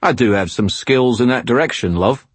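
A man's voice: mid-range voice, normal speed, slightly rough, dry recording, pitched above the performer's own voice, lightly acted. A man putting on a gloating Cockney wizard-for-hire. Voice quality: smug, mocking, cheerfully condescending. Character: cheerful menacing Cockney male wizard-for-hire.

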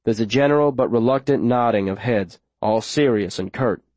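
A man narrating a story in the first person, steady and plain, with rural grammar. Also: medium pitch, moderate pace, no echo. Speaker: audiobook narrator.

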